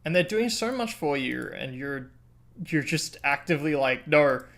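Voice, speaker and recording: A streamer playing a narrative game live, reading the game's text aloud in a low, subdued tone, then breaking into loud, swearing reactions and pleading with the game. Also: lively intonation, moderate pace, gravelly.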